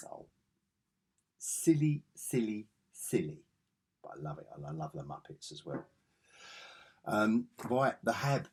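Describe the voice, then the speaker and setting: A man's voice: lowish voice, breathy edge. A man talking through comic books in a casual review vlog, chatty and enthusiastic.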